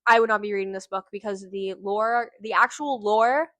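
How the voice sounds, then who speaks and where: A woman book vlogger with a mid-range, slightly bright voice talks at a normal speed and steady tone about a book she loves. She gushes, rambles, drifts onto tangents, and swears now and then, with no room sound in the recording.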